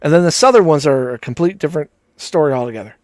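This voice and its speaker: A man with a high, very animated voice rambles through casual live-stream banter, swearing freely and breaking into laughs. The sound is close and dry, with no room around it. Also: fast talker, no room sound. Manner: rambling, profane, laughs a lot, mimics accents. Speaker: co-host of a live show.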